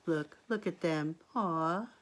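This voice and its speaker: Woman teacher, slow read-aloud storytime voice, expressive, asks kids questions. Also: fairly low pitch. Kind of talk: picture-book read-aloud for children.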